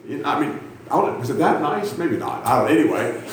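A man in his fifties preaches with a rowdy, self-mocking energy, his voice sitting a bit high and swinging widely between low asides and sudden shouts. He is heard in an echoey church with a faint hum of ambience behind him. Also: sing-song, a little fast. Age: 50s. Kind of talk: sermon. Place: church sanctuary.

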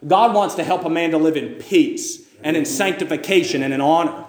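A man's voice: on the high side, fairly quick. Fervent preacher man in an echoey room. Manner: fervent, rising to loud cries; questions the listeners over and over. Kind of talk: sermon.

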